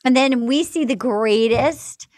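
A woman's voice: on the high side, slow, darkish tone, dry recording, studio quality. A woman hosting a podcast, chatting casually and swearing freely while she recaps, with lots of fillers. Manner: chatty, profane, full of fillers. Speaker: podcast host. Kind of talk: casual chat recapping a dating show.

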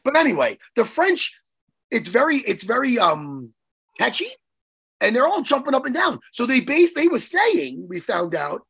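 Animated raspy New man. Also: extremely high pitch, moderate pace. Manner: animated, rambling, jokey. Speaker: co-host, jiu-jitsu coach. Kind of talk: excited casual chat.

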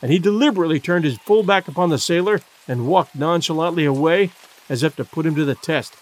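A fairly high-pitched male audiobook narrator reads a scripted adventure novel. His delivery is measured and expressive, in a storytelling manner.

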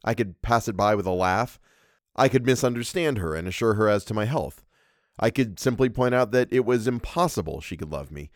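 Low-voiced man narrating a story. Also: dry recording, clean studio sound. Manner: measured, expressive storytelling. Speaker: podcast host and narrator. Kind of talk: reading a horror story aloud.

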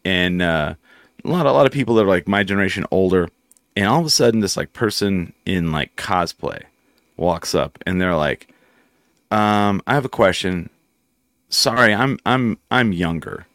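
A middle-aged man hosting a casual talk show, telling animated anecdotes and swearing freely. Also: sits low, moderate pace, no room sound, clean studio sound. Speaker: podcast host. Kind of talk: casual chat, storytelling.

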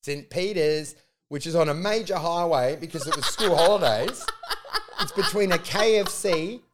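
A man's voice: a little high, moderate pace, noisy background. A man telling a rambling story in casual chat, swearing a lot and acting out what people said. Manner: profane, animated storytelling with acted-out quotes. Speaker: comedian.

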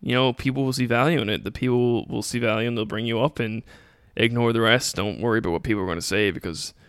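A man's voice: mid-range voice, fairly even intonation, quick pace, a bit bright, smooth, no room sound, clean studio sound. A young man hosting a solo podcast, answering listener questions in a casual, motivational way. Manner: casual, motivational, acts out mocking critics in quotes. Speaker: podcast host.

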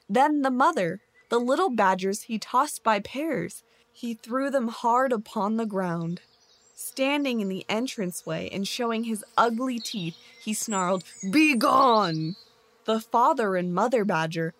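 Slow, soothing woman storyteller. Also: fairly high pitch, a little hiss or hum. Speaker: narrator. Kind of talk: bedtime story narration.

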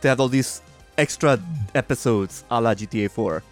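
A man's voice: mid-range voice, moderate pace, faint music behind. Agreeable male podcast co-host. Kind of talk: casual chat.

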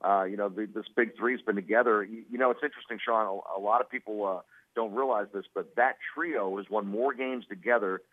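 A male sports broadcaster, a guest on a radio show, chatting quickly over the phone with many fillers and laughs. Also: on the low side, fairly even intonation, dry recording. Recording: tinny phone line.

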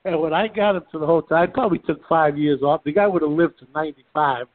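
A brash, animated man tells stories in a loose, casual chat. His voice sits a little high for a man. The sound is thin and narrow, like a phone line. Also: quick pace. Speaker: guest telling stories. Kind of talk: casual storytelling.

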